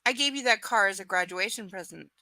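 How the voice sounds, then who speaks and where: A woman's voice: medium pitch, quick pace, pushed and bright, no echo, voice pushed down. A woman reading the lines of a domineering, controlling wealthy young man, in a clipped, commanding way, on a live stream. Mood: stern.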